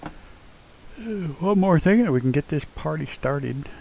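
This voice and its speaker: A man's voice: on the high side, lively intonation, takes it slowly, gravelly, darkish tone, slight background noise, low-quality recording. A man streaming a flight sim at home, chatting loosely with viewers and swearing freely while working the controls. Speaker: live streamer. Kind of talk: casual live-stream chat while flying a flight sim. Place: at home with his dog nearby.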